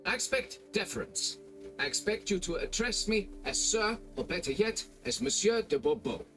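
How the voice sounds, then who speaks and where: A man's voice: sits high, expressive, moderate pace, fairly bright tone, faint music behind. An actor playing a pompous, condescending nobleman in a video game, fussy and demanding. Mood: haughty. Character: pompous middle-aged nobleman, haughty and demanding. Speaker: vineyard owner hiring a monster hunter.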